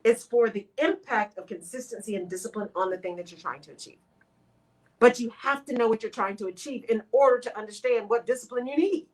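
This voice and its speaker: A woman with a lilt hosts a motivational radio talk. Her voice sits a little high, and she talks straight to her listeners in an expressive, animated way. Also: fairly quick, rough recording. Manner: expressive, talks to listeners as "y'all", acts out her own inner voice. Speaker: radio show host.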